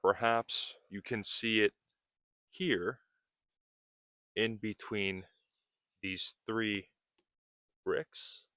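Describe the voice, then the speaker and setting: Slow, low-voiced male English teacher. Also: steady tone, pushed and bright, no echo. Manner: deliberate, repeats words to model pronunciation. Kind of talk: slowed-down teaching talk. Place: outdoors on a building roof at a construction site.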